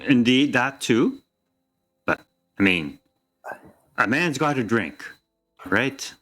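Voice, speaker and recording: A man's voice: medium pitch, sing-song, slow, a bit bright, soft background music, heavily acted. Man doing a shifty folksy innkeeper. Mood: evasive. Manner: folksy, evasive, deflecting questions. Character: shifty middle-aged male innkeeper, evasive.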